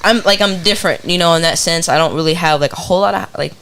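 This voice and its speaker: Chill rapper dude on a podcast, smooth clear voice, soft-spoken, laughs a lot. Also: male voice, a little high, fast. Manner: laid-back, soft-spoken, laughs often. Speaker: guest rapper. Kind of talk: casual podcast chat.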